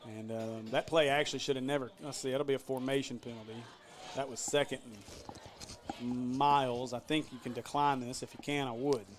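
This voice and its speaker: A man doing play-by-play for a high school football game, joking with his partner and shouting on big plays. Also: fairly even intonation, fairly quick, a little hiss or hum. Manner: jokey, laughs often, shouts big plays. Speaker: play-by-play announcer.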